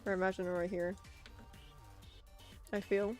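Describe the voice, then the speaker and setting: A woman's voice: mid-range voice, flat delivery, a little slow. Woman, American, art streamer, casual rambling chat, frequent laughs, faint music behind. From United States. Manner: chatty, laughs often, rambling asides.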